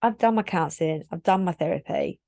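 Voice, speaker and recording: A woman in her thirties with a fairly low voice talks openly and reflectively as a podcast host, wandering through her thoughts and filling her sentences with "like". Her voice sounds close and dry, with no room echo. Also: brisk, gravelly, dark tone. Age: 30s. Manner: candid, reflective, rambling with frequent "like" fillers. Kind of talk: solo podcast monologue.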